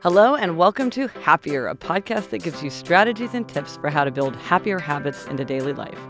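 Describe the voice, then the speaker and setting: A woman hosting a podcast in casual chat with her sister, her voice hoarse from losing it. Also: fairly low pitch, expressive, fairly quick, fairly bright tone, faint music behind. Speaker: podcast host. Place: New York City.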